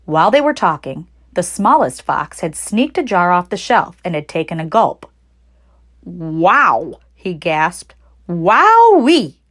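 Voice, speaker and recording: A woman narrating a children's book aloud with expressive storytelling. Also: lowish voice, normal speed, few pauses. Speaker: audiobook narrator.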